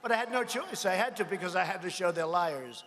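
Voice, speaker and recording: A man's voice: high-pitched, lively intonation, a little fast, fairly bright tone. A man giving a rambling campaign rally speech to a crowd in a large arena, mocking his rivals and asking the crowd for agreement. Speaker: politician at a rally. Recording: echoing hall with faint crowd noise.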